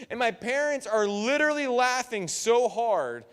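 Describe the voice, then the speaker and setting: A man in his thirties preaching to a youth group, telling lively stories and acting out quotes. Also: very high-pitched, moderate pace, few pauses, smooth. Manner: animated storytelling with jokes and voiced quotes. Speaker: youth pastor. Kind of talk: sermon. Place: church youth room. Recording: echoey hall with long reverb.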